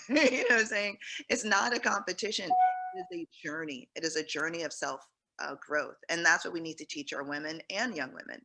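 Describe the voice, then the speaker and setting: A woman's voice: lowish voice, lively intonation, normal speed, vocal fry, pushed and bright, rough recording. A woman speaking on a panel in an earnest, encouraging, emphatic way. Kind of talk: panel discussion.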